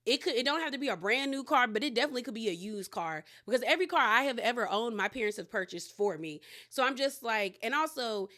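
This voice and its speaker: A woman casually recapping a reality TV episode, retelling scenes in a chatty, animated way. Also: on the high side.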